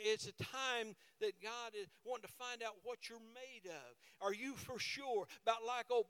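A middle-aged man delivers a fervent sermon, circling back on his phrases and breaking into praise. His voice sits high and sounds smooth and resonant. The recording is dry and close, with little room sound. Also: dry recording. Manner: fervent, repetitive, with exclamations of praise. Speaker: preacher.

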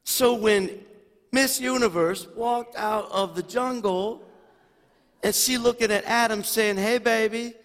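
A man preaching a sermon as pastor, animated and swinging from quiet asides to loud exclamations. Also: sits high, slow. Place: church sanctuary. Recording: long reverb of a large hall.

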